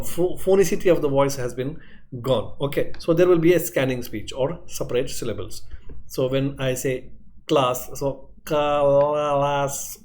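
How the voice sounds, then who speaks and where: A man's voice: a little high, a little mellow. A man giving a medical lecture, explaining step by step and often checking in with "okay" and "isn't it". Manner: explanatory, repeats points, frequent "okay" and "isn't it". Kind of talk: classroom lecture.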